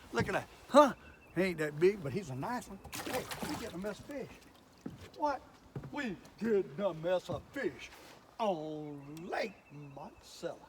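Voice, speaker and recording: High-voiced folksy older man. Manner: folksy, chatty, exclaims at each bite. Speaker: fishing video host. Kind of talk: casual fishing commentary. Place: on a lake outdoors, fishing. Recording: outdoor ambient noise.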